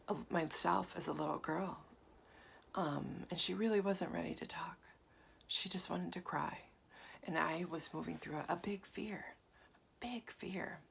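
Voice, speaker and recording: A woman's voice: lowish voice, creaky, slight background noise. A woman in her forties giving a casual, confiding talk as a meditation teacher, often dropping to a half-whisper. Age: 40s. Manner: soft, confiding, with frequent fillers and laughs.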